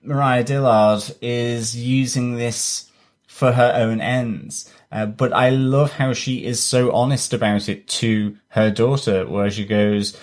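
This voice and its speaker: A man's voice: medium pitch, fairly even intonation, slow. A man co-hosting a TV review podcast, discussing the episode in a rambling way with ums. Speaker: podcast co-host. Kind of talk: casual podcast chat.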